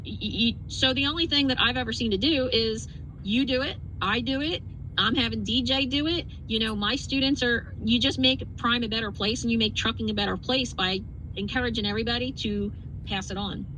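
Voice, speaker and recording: Woman trucker and trainer, animated talker, slightly high voice, faint noise behind. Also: fairly quick, poor audio. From outside Philadelphia. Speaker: trucker and trainer, show guest. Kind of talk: casual podcast chat.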